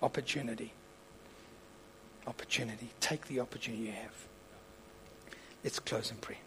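A man preaching, telling a story and acting out its dialogue, moving between soft asides and loud impassioned peaks. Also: mid-range voice, steady tone, moderate pace, slight background noise, low-quality recording. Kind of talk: storytelling sermon.

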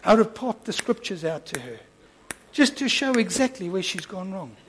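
A man preaching, telling a story and acting out its dialogue, moving between soft asides and loud impassioned peaks. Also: high-pitched, big pitch swings, moderate pace, slightly rough, poor audio. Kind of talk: storytelling sermon.

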